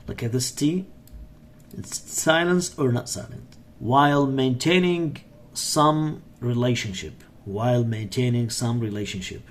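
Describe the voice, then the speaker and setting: Husky guy teaching english vocab, reads then repeats each word real slow, arabic first language. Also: medium pitch. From Iraq. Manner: repeats words and phrases slowly, adds example sentences. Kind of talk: slow vocabulary lesson, reading and repeating words.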